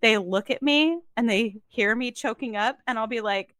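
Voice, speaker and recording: A woman co-hosting a casual podcast, expressive and quick to laugh. Her voice is fairly high and very bright and forceful, and the recording is dry and close. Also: no echo. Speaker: podcast co-host. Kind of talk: casual chat.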